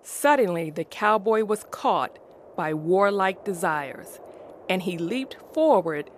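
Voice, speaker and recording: A woman reading a classic story aloud as narrator, in a slow, deliberate way. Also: mid-range voice, animated, slight background noise.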